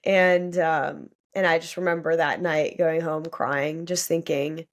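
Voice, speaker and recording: A woman's voice: deep voice, fairly even intonation, measured pace. Candid woman telling a hard story. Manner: candid, emotional storytelling, often saying "like". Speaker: guest athlete. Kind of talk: storytelling in a podcast interview.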